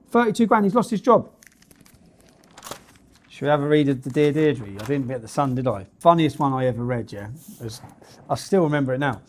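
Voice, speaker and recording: A man with a fairly high voice reads out news stories and rails against them. His delivery is blunt and indignant, and he is full of slang and swear words. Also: a little mellow. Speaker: vlogger reading out news stories. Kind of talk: ranting commentary on news.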